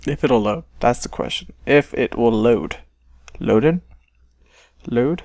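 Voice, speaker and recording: A man's voice: mid-range voice, expressive, slow pace, gravelly, darkish tone, no echo. A man hosting a horror game let's-play, jumpy and exclaiming, talking back to the game as he plays. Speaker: gaming channel host.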